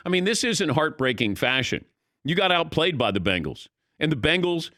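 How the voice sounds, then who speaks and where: Animated man hosting sports radio. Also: fairly high pitch, moderate pace, no echo, studio quality. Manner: animated, conversational, opinionated. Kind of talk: sports talk radio commentary.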